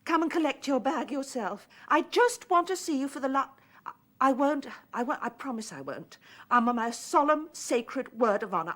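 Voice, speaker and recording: A woman's voice: high-pitched, fairly bright tone. An actress playing a desperate woman abandoned by her lover, clipped, formal and bitterly ironic. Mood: pleading. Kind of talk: 1990s television drama acting.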